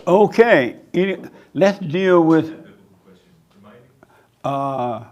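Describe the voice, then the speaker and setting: Brisk teasing male pastor. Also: a little high, expressive, darkish tone, highs cut off, a little hiss or hum. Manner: brisk, teasing, calls on people. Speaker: pastor leading a church Q&A. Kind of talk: casual church discussion.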